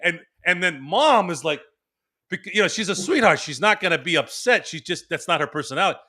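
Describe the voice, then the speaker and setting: Bright-voiced man telling a funny story. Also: high-pitched, brisk. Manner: animated, laughing storyteller with many restarts. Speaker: podcast host. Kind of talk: casual storytelling. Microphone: remote stream microphone.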